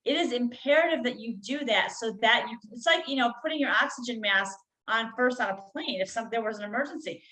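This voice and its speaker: A middle-aged woman guest on a podcast, talking in an earnest coaching tone and slowing down to stress key phrases. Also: on the high side, sharp tone, rough recording. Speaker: guest healer. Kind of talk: conversational podcast interview.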